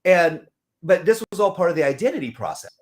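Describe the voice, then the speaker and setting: A middle-aged man from Southern California speaks in a high voice at a slightly quick pace. He's a guest in a casual conversation, an animated storyteller who acts out other people in their voices.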